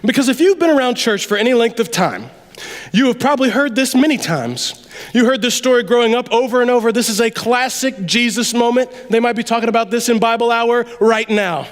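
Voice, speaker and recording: A man preaching a sermon in a church, talking to the congregation in an animated, conversational way that drops suddenly to quiet asides. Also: very high voice, a little fast. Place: church sanctuary. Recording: long reverb of a large hall.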